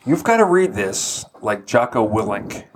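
A man co-hosting a podcast, chatting casually with a lively, bouncing pitch. He jokes around and lets his sentences trail off into mumbles. The recording carries clear background noise with clicks. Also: a little slow. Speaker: podcast co-host. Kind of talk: casual chat.

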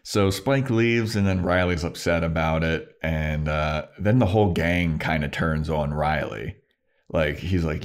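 A man with a low voice chats casually on a podcast, recapping a TV episode. He acts out the characters' lines as he goes, with plenty of swearing and laughing. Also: a little slow. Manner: animated retelling, acting out characters' lines, frequent swearing and laughter. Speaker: podcast co-host.

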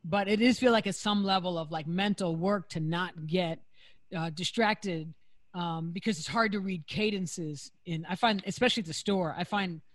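A woman's voice: fairly low pitch, moderate pace, no room sound. A woman hosting a comedy talk show, rambling through her thoughts in casual chat. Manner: rambling, restarts thoughts often. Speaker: host.

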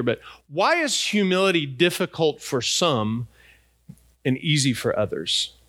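This middle-aged pastor's voice sits on the high side with a fairly bright tone. He delivers his sermon conversationally, asking the congregation questions.

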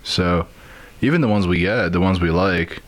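A man's voice: sits low, moderate pace. A man co-hosting a casual podcast chat, blunt and full of profane teasing. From New Jersey. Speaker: podcast co-host.

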